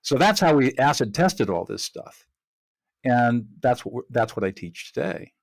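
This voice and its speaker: A man as a podcast guest, a mediator and trainer, explaining his method in an earnest, lively way. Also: medium pitch, moderate pace, creaky, no echo. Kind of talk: podcast interview.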